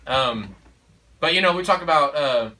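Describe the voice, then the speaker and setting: A man's voice: a little high, lively intonation, moderate pace, bright, forceful tone, far from the mic, poor audio. A man and father of four speaking in a casual conversation, in an emphatic, preachy way with frequent "you know" and "okay?". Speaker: father of four sharing parenting views.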